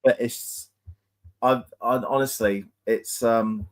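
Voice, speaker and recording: A man's voice: medium pitch, fairly even intonation, takes it slowly. A man co-hosting a fan channel, giving frustrated post-match views with many hesitations. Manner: frustrated, hesitant, lots of ums. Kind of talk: post-match analysis chat.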